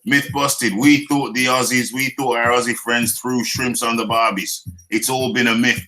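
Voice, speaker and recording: A man's voice: mid-range voice, level tone, normal speed, pushed and bright. A British man hosting a live boxing talk stream, joking and teasing his viewers in a loose, repetitive chat. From United Kingdom. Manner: jokey, teasing, chatty with viewers; laughs often, repeats phrases. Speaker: boxing talk show host.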